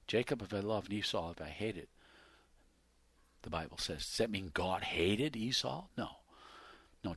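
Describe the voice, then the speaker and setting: A man preaching a sermon, reading scripture aloud and swinging between loud emphasis and hushed whispers. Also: fairly low pitch, no room sound. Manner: reads scripture aloud in King James wording.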